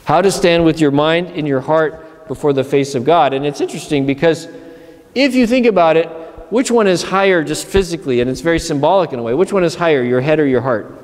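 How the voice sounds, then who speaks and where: A man's voice: on the high side, fairly quick, a little mellow, long reverb tail. A man, an abbot from Pennsylvania, giving a conversational sermon at a retreat and acting out inner voices. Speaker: monastery abbot. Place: church.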